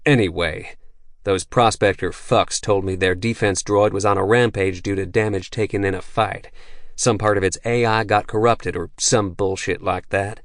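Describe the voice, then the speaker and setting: A man voicing a crude, boisterous veteran soldier who swears constantly and talks loudly with swagger. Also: lowish voice, steady tone, moderate pace, no echo, clean studio sound, close to an everyday voice. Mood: brash. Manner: profane, swaggering, loud.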